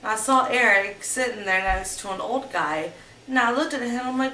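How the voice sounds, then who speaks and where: A woman's voice: on the high side, moderate pace, bright, forceful tone. A woman telling personal stories in a vlog, rambling and meandering, often restarting her sentences. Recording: roomy echo, mic at a distance, faint background noise.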